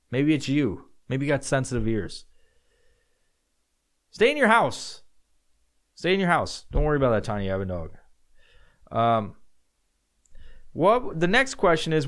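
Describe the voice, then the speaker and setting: Rambling, profane podcast guy. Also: mid-range voice. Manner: profane, rambling, jumps into loud acted-out shouts. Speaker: podcast host answering listener questions. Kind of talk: casual solo podcast chat.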